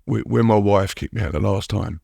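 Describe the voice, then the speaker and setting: A middle-aged man, a guest telling his story haltingly, repeating words and saying "you know what I mean" often. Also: lowish voice, vocal fry, warm tone, husky, dry recording, clean studio sound. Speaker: podcast guest. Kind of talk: candid recovery interview.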